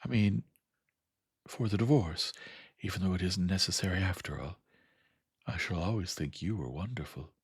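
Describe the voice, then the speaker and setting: A man voicing a vain, distracted young actress woman in a soft, breathy half-whisper. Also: sits low, normal speed, long pauses, no room sound, clean studio sound, exaggerated voice.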